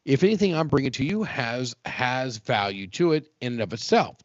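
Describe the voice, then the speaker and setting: A man's voice: mid-range voice, sing-song, moderate pace, no echo, lo-fi sound. A man co-hosting a podcast in casual chat, rambling, joking and swearing freely. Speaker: podcast co-host.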